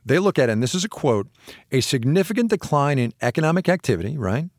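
A man's voice: medium pitch, fast talker, no echo, clean studio sound. A man co-hosting a podcast, explaining an idea in a casual, laughing way and often restarting his sentences. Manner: lively, laughing, self-interrupting explainer. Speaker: podcast co-host.

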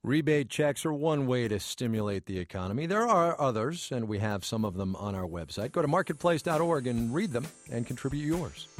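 A man hosting a radio business news program, reading market numbers in a brisk, lightly wry way. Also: medium pitch, expressive, dry recording, faint music behind.

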